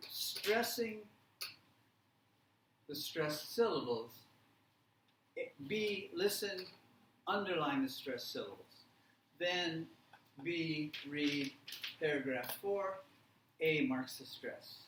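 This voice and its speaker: A man teaching an English reading workshop, giving slow, deliberate instructions and checking in with "okay?" and "right?". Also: a little high, animated, fairly bright tone, roomy sound, distant mic, a little hiss or hum.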